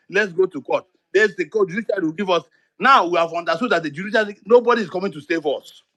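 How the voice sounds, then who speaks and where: Impassioned Nigerian man, high voice. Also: a bit bright. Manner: repetitive, pleading, mixes in pidgin. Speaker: speaker on a live audio chat. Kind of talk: impassioned political talk.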